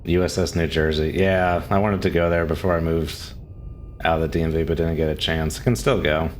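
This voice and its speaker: A man's voice: a bass voice, little pitch movement, fairly quick, a little hiss or hum. A man streaming a game, chatting casually and answering chat questions, with frequent chuckles. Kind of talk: casual live-stream commentary.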